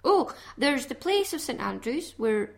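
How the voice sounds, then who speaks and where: A woman's voice: high-pitched, big pitch swings, measured pace, vocal fry. A Scottish woman hosting a craft podcast in a chatty, laughing way. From Scotland. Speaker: podcast host. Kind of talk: casual chat.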